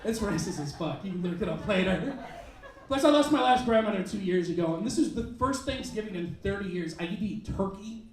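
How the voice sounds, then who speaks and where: Stand-up comic, male, high lively delivery, acts out bits; roomy club sound. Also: far from the mic. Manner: animated, acts out characters in quick bits. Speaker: stand-up comedian. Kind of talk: stand-up comedy set. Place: comedy club stage. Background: audience laughter.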